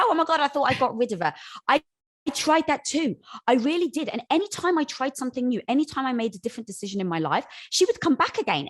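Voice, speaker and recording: A woman guest on a podcast speaking in an encouraging, affirming way, addressing the host as "girl". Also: sits high. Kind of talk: candid conversation.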